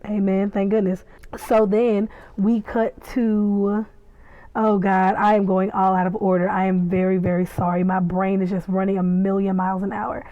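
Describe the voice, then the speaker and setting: A woman giving a casual, excitable recap and reaction, chatty and acting out the scenes as she tells them. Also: medium pitch, normal speed, dry recording, lo-fi sound. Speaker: podcast reviewer.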